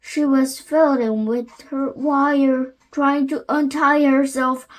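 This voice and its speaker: High-voiced woman reading a storybook slowly. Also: steady tone. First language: Korean. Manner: careful, halting reading with frequent restarts. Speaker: channel host and reader. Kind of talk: reading a children's chapter book aloud.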